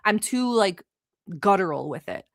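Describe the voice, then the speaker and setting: A woman's voice: medium pitch, animated, measured pace, vocal fry, no room sound, clean studio sound. A woman from the Middle East, whose first language is not English, hosting a casual livestream and chatting with viewers in a teasing, talkative way. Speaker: livestream host reacting to videos.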